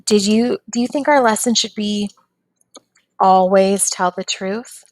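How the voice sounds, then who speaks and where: A woman's voice: mid-range voice, a little slow, no echo. A woman teacher patiently walking young students through a phonics and reading lesson, step by step.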